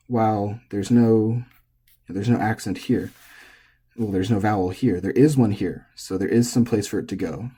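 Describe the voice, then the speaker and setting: Man teaching a lesson, low husky voice, mellow tone, relaxed and chatty. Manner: relaxed, thinking aloud with fillers. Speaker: language teacher. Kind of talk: casual explanatory lesson.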